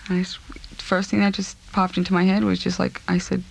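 A woman recounting a personal ordeal in an interview, speaking in a halting, subdued way and repeating herself. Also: lowish voice, completely flat delivery, vocal fry.

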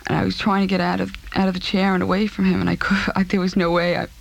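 A woman recounting a personal ordeal in an interview, speaking in a halting, subdued way and repeating herself. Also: mid-range voice, level tone, vocal fry.

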